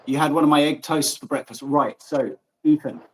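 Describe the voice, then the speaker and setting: A man from Germany hosting a casual livestream chat, animated and joking, who swears freely. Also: on the high side, moderate pace, breathy edge, low-quality recording. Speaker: livestream host.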